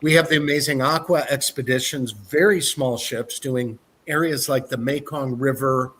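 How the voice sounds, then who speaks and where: Upbeat Midwestern man pitching cruises. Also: steady tone, normal speed, fairly bright tone, slight background noise. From American Midwest. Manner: upbeat, sales-style pitch with fillers. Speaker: cruise line representative. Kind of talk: presentation to an online audience.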